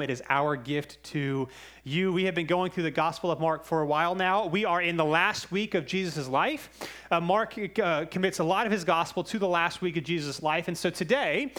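A man's voice: on the high side, a bit bright. A man in his thirties, a pastor preaching a Sunday sermon to his church, conversational and self-deprecating. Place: church sanctuary.

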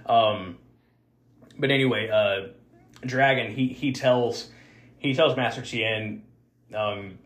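A man's voice: mid-range voice, slow pace, pauses often, a bit bright. A man hosting a podcast, casually recapping a film with lots of fillers and restarts. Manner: rambling, many fillers and restarts. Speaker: podcast host. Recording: roomy echo.

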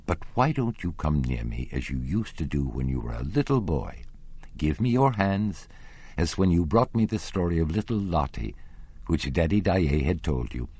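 Kindly old lady, chatty, easily laughing; voiced by a male audiobook reader, lively in pitch. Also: normal speed, breathy edge, dry recording, heavily acted. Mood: fond. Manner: chatty, laughing, then indignant. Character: kindly white-haired old lady, happy and candid.

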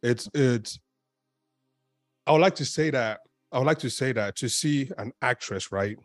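A man in a casual group chat, relaxed and rambling, full of fillers. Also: mid-range voice, a little slow, no room sound, clean studio sound, soft background music.

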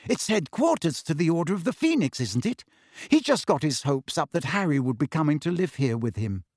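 A man's voice: on the high side, big pitch swings, fairly quick, darkish tone, no echo, studio quality. A man voicing a clever teenage girl who talks sternly and matter-of-factly. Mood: earnest. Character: earnest clever teenage girl, firm and sensible.

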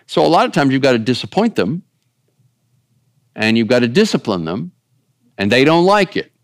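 A pastor giving a relaxed, chatty sermon, his voice rising and falling freely as he wanders from point to point. He keeps checking in with his listeners. The sound is close and dry. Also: medium pitch, no room sound. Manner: folksy, rambling, asks the audience. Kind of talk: conversational sermon.

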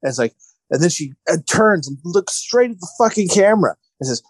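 Man, podcast co-host, casual chat, exasperated ranting retelling, slightly high voice, dry close recording. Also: very animated, fairly quick, slightly rough, no room sound.

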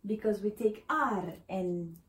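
A woman with a Latin American Spanish accent, a native Spanish speaker, patiently teaching a Spanish lesson and repeating words slowly for learners. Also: medium pitch, low-quality recording. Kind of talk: explaining a language lesson.

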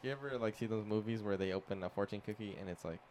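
A man's voice: fairly low pitch, quick pace, a little mellow, slight background noise. Joking young man reading out odd facts. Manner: joking, swears a lot, reads facts aloud. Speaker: podcast co-host reading out facts. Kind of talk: casual chat.

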